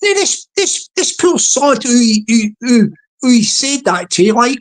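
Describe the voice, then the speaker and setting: A woman's voice: fairly high pitch, very animated, measured pace. A woman hosting her own channel in a chatty, mocking monologue, often laughing and repeating words. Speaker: channel host. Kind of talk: casual rambling vlog monologue.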